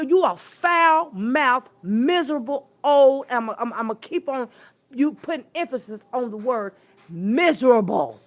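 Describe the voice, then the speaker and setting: A woman hosting a casual livestream, scolding someone in a sassy, trash-talking way, stretching out words for emphasis and greeting her viewers. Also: high-pitched. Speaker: livestream host.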